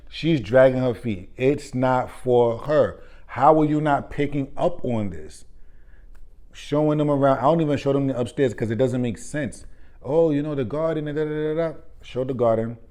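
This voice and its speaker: A man tells a frustrating workplace story in an exasperated, animated way. His pitch sits in a middle range, and he keeps circling back to disbelieving questions. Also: unhurried. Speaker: real estate agent. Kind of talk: ranting vlog.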